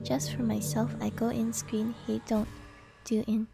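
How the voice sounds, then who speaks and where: A woman's voice: on the high side, level tone, measured pace, vocal fry, warm tone, faint music behind. A woman live-streaming, chatting casually and reading chat aloud, gushing with delight and giggling often.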